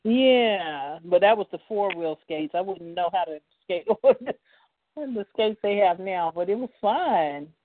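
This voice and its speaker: A woman's voice: medium pitch, expressive, measured pace, no echo. Chatty woman host on a phone line. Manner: reminiscing, chatty. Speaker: podcast host. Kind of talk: casual talk show chat. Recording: dry, narrow phone line.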